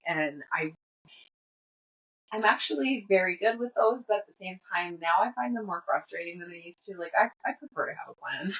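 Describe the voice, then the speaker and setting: A woman's voice: fairly low pitch, fairly bright tone, highs cut off. Chatty mom rambling through her day. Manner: rambling, chatty, with frequent fillers and laughs. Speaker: podcast host. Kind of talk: casual personal diary monologue.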